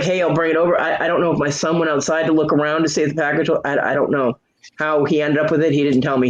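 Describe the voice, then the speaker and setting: A middle-aged woman hosting a casual livestream chat, telling a story with lots of swearing and jumping into high voices for quotes while greeting viewers. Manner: profane, animated storytelling with leaping voices for quotes. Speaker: livestream host. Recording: muffled lo-fi stream audio.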